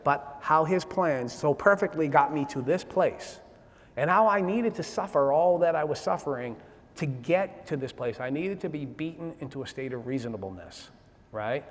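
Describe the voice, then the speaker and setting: A man giving a personal testimony in a lively, streetwise way, often asking "right?" of his listeners. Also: a little high, moderate pace. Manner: animated, streetwise, repeats "right?" to the crowd. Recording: long hall reverb.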